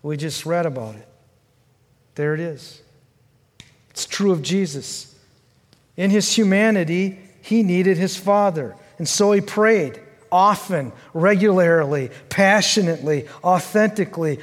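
A male pastor preaching a sermon, asking the congregation questions and swinging from fervent pleading to quiet, low reflection. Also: measured pace, long reverb tail. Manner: earnest and questioning, rising to fervent pleading then dropping low.

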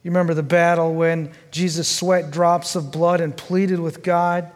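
A male pastor preaching a sermon, asking the congregation questions and swinging from fervent pleading to quiet, low reflection. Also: level tone, unhurried, long reverb tail. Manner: earnest and questioning, rising to fervent pleading then dropping low.

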